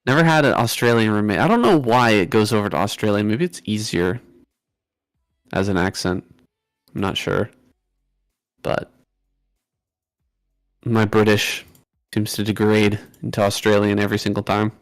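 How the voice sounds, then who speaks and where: A man's voice: fairly low pitch, moderate pace, pauses often, smooth, no echo, soft background music. A man casting games, chatting in an easygoing, self-mocking way. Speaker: game caster. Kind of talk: casual chat during a stream.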